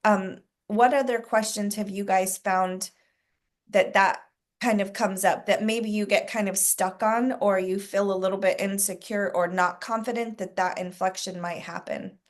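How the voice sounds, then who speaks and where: A woman at a mid pitch hosts a coaching session. She leads the group with many questions and patient explanations. Her talk is plain and conversational. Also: steady tone, a little slow. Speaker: sales coach hosting a training call.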